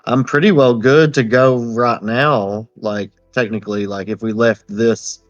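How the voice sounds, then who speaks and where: A man's voice: medium pitch, steady tone, unhurried, no echo, lo-fi sound, soft background music. A man playing a tabletop game, thinking aloud in a hesitant way. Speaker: player. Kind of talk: casual tabletop game chat.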